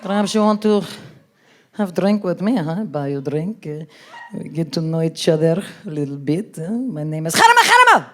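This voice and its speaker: A woman's voice: lowish voice, sing-song, brisk, a little hiss or hum, voice pushed down. A woman comic imitating a pushy man at a bar, speaking broken English, who will not take no for an answer. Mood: flirting. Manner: persistent, broken English, coaxing.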